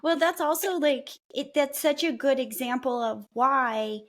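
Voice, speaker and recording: A woman co-hosting a podcast speaks slowly, with plenty of pauses and fillers. Her voice is somewhat high. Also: fairly even intonation, fairly bright tone. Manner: hesitant, many fillers. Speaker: podcast co-host and parent. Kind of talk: podcast conversation.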